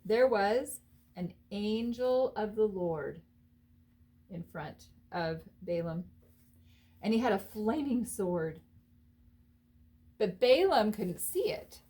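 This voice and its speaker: A woman teaching a children's Bible lesson, telling the story in an animated, expressive way and asking the listeners questions. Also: mid-range voice, slow pace, pauses often.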